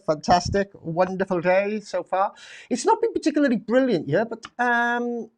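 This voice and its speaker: A man's voice: high-pitched, moderate pace. Quiz host, male, casual livestream chatter, rambling with fillers, at a desk mic. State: slightly out of breath. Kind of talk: casual live-stream chat. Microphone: desk mic at a computer.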